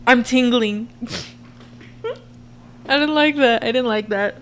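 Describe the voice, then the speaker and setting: A woman's voice: a little high, takes it slowly, pauses often. Chatty young woman reacting on camera. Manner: chatty and expressive, frequent laughs and asides to viewers. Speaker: reaction vlogger. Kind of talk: casual reaction commentary.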